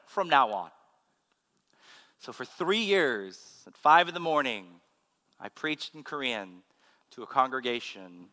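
A man, a pastor, giving a sermon with animated, humorous storytelling. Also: medium pitch. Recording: long hall reverb.

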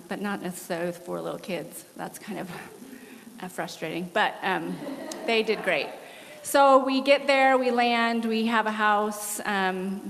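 A woman in her forties, a missionary guest, giving an earnest and animated testimony with laughs during a church service. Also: mid-range voice. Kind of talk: candid testimony in an interview. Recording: long hall reverb.

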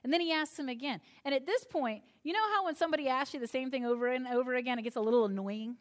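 A woman's voice: high-pitched, quick pace. A woman preacher delivering a sermon in a conversational way, retelling a scripture story with asides to the listeners.

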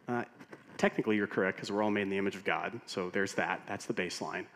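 Pastor preaching in a reverberant hall. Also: male voice, deep voice, fast talker, slight background noise. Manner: animated storytelling with humor. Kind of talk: sermon. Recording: long reverb of a large hall.

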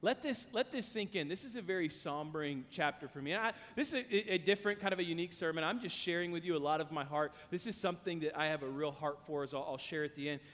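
A man's voice: fairly high pitch, fast, few pauses, a bit bright. A man preaching a sermon as pastor, earnest and emphatic, mixing scripture with personal stories. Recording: long hall reverb.

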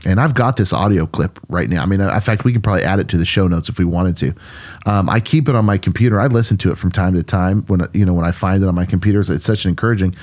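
A male pastor talking on his podcast, voice sitting a little low. He tells stories earnestly and musingly, restarting his sentences as he goes. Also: fast, a little mellow. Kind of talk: conversational podcast storytelling.

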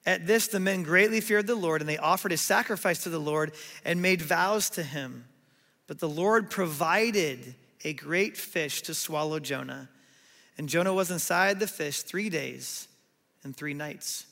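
A man preaching a sermon in a sanctuary, his voice pitched high with a gravelly edge. He tells the story with animated delivery and acts out what people said, and long reverb trails after him. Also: measured pace. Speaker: pastor.

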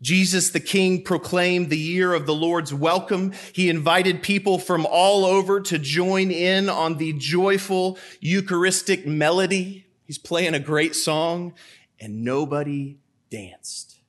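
Male priest, sermon, slightly high voice, rhetorical, repeats questions, church. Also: slow, fairly bright tone.

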